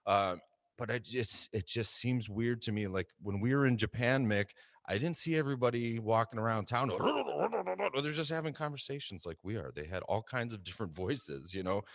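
Man, forties, low-pitched, dry recording, thoughtful, rambling co-host. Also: fairly quick, no echo. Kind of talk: casual discussion.

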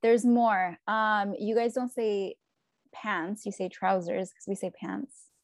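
A woman's voice: mid-range voice, fairly even intonation, slow, no echo. A woman from California with an American accent, hosting a podcast interview in a chatty, upbeat way with many fillers. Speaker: podcast host. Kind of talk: casual interview chat. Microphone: remote video call.

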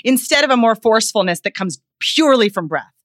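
A woman vocal coach giving expressive feedback on voices in a podcast conversation. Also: fairly high pitch, a little fast, no echo, clean studio sound. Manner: expressive, demonstrates vocal points.

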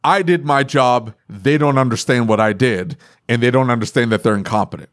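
A man co-hosting a casual podcast talks about running his repair shop. His voice sits in an ordinary middle pitch, and he leans hard on his points, repeating them and breaking into laughs as he goes. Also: brisk, fairly bright tone. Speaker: podcast host and auto repair shop owner.

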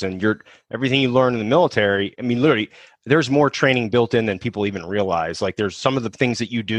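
A man's voice: lowish voice, fairly bright tone, dry recording. A man co-hosting a podcast, telling a story in a casual, blunt way, swearing freely and often restarting his sentences. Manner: blunt and profane, with frequent restarts. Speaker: podcast co-host, Marine veteran.

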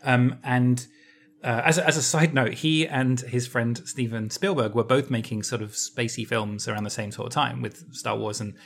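A man co-hosting a podcast who tells stories in an animated way, laughing easily and restarting his phrases. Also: mid-range voice, moderate pace, vocal fry. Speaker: podcast co-host. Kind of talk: casual podcast chat.

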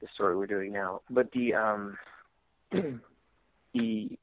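A man talks candidly as a podcast guest, wandering through his thoughts, restarting sentences and chuckling between them. His voice sits on the lower side and comes through a tinny, phone-like line. The sound is dry and close, with no room around it. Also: steady tone, slow, no echo. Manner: rambling, self-interrupting, laughs often. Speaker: comic book writer guest. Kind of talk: candid conversational storytelling.

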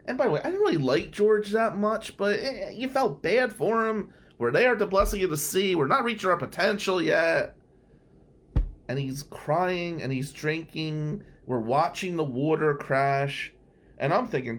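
A man from New Jersey hosting a radio talk show, telling a personal story in an animated way and laughing at his own tale. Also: on the high side, moderate pace.

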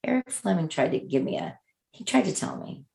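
Woman, middle-aged, slightly low pitch, candid chat, animated storyteller. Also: a little fast, gravelly. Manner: animated storyteller, acts out quoted voices. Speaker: guest.

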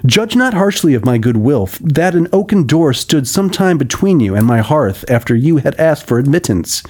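A man's voice: on the high side, big pitch swings, moderate pace, a little mellow, breathy edge, voice pushed up. A man voicing a hospitable forest yeoman in a read-aloud story, speaking in an old-fashioned, hearty way. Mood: earnest.

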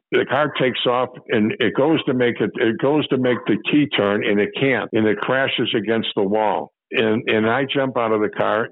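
A man's voice: lowish voice, no echo, phone-quality sound. An older man from Chicago, a former police officer telling stories from his career in an interview, rambling and repeating phrases as he remembers. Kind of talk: storytelling interview.

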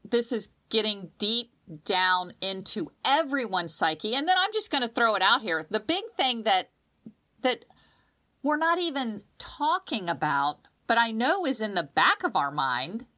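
A woman's voice: fairly high pitch, measured pace. A woman co-hosting a casual talk show, telling stories with emotion and often repeating words as she starts her sentences. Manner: emotional, animated storytelling with dramatic quoted voices. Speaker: podcast co-host. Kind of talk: casual chat.

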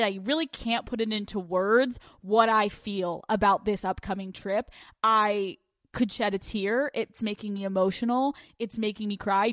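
A woman hosting a podcast in casual chat, excitable and profane, jumping between loud outbursts and low mutters. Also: no echo, studio quality. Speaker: podcast host.

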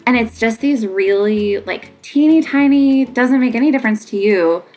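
This sleep consultant's voice leans high and a little mellow, moving at a moderate pace with faint music underneath. She gives chatty, filler-laden parenting tips about sleep, now and then voicing what parents and kids say.

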